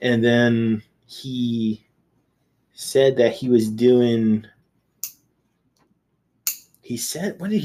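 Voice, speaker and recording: A man's voice: mid-range voice, mellow. Man, casual podcast storyteller, profane, rambling, lots of restarts. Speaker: podcast guest host.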